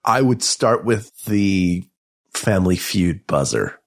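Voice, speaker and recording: A man co-hosting a comedy podcast, talking in a playful, animated way. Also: deep voice, slow pace. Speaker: podcast co-host. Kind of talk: improvised comedy chat.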